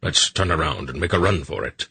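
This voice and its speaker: A man's voice: a bass voice, lively intonation, brisk, gravelly, bright, forceful tone, slightly rough, dry recording, heavily acted. A man voicing a curt, commanding old male sorcerer in an audiobook.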